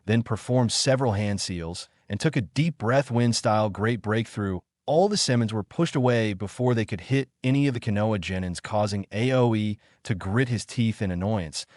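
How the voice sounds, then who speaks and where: A man narrating a fan-fiction story in a steady, scripted storytelling manner. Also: fairly low pitch, moderate pace, hardly any pauses, dry recording, studio quality.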